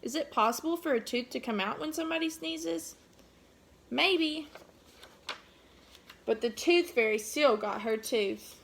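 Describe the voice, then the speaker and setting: A woman teacher reading a picture book aloud to children, pausing to ask gentle questions. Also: sits high, animated, creaky, slight background noise.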